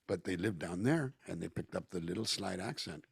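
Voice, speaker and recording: A man's voice: deep voice, lively intonation, moderate pace, gravelly, slightly rough, no echo, clean studio sound. A man from Southern California, a guest musician and actor, talking at length and thoughtfully over a video call. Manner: reflective, talkative, acts out quoted voices. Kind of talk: casual interview chat.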